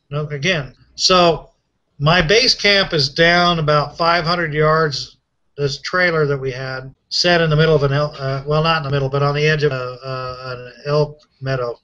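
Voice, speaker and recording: A man's voice: on the high side, bright, forceful tone, lo-fi sound. Chatty man rambling through a story. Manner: chatty, rambling, many restarts. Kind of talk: casual conversation.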